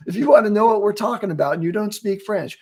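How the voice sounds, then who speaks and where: A man on a casual chat panel who jokes playfully. His voice is a little higher than most men's. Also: quick pace, gravelly, a little mellow, slightly rough. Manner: playful, joking.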